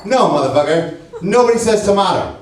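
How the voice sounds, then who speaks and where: A brash, foul-mouthed stand-up man works the crowd with a slightly high voice. He sounds set back from the mic in a very echoey club. A laughing audience fills the room behind him. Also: expressive, moderate pace, recorded from a distance. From St. Louis, Missouri. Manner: brash, profane, teasing the audience. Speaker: stand-up comedian. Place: comedy club stage before a laughing crowd. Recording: echoey club recording, mic heard from afar.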